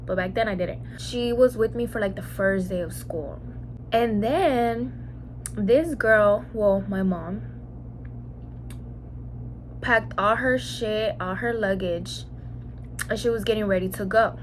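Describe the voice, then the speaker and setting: A woman's voice: medium pitch, slow pace, pauses often, a little hiss or hum. A young woman from Mexico telling a personal story in a casual vlog monologue, full of "like"s and acting out what people said. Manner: chatty, many "like"s, acts out quoted lines. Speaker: mukbang vlogger.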